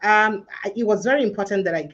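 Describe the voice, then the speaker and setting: A woman's voice: medium pitch, quick pace, fairly bright tone, highs cut off. Earnest Nigerian woman hosting a livestream. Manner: earnest, pleading, switches into pidgin. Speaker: livestream host. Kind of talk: livestream panel talk.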